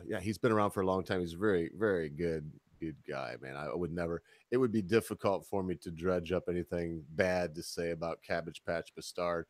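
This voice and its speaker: A man hosting a casual livestream chat, rambling and laughing often, sometimes getting loud and excited. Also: deep voice, no echo. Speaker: host.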